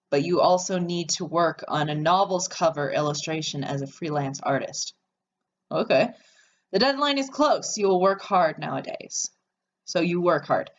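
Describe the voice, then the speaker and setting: A woman's voice: on the low side, lo-fi sound, slight background noise. Woman reading a story game aloud. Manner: chatty, with sarcastic asides. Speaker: player reading an interactive story.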